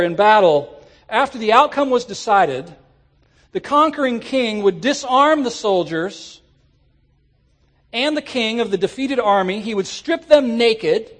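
A man preaching a sermon to his congregation, animated and rising at times to shouts. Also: sits high. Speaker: pastor. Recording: church sermon audio.

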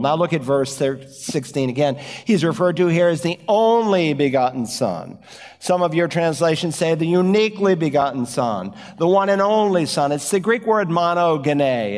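A male pastor delivers a sermon in a somewhat raised voice, moving between storytelling and teaching. He slows down and stresses important words for emphasis. His voice carries with a long reverb, as in a large hall. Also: fairly high pitch.

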